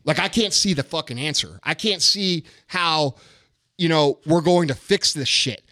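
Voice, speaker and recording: A man's voice: a little high, measured pace, sharp tone, dry recording, studio quality. A man in his thirties hosting a podcast, ranting in a casual, profane and frustrated way. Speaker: podcast host.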